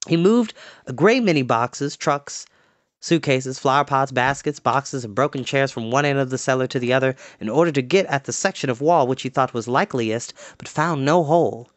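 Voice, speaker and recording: A storyteller reading a children's book aloud in an expressive, lively way. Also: medium pitch, moderate pace, dry recording.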